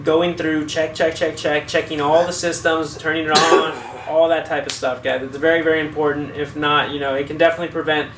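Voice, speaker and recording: A man's voice: fairly high pitch, level tone, fairly quick, hardly any pauses. A young male host casually explaining military terms, often ending with "right?", recorded in his echoey room. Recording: echoey room, distant mic, faint noise.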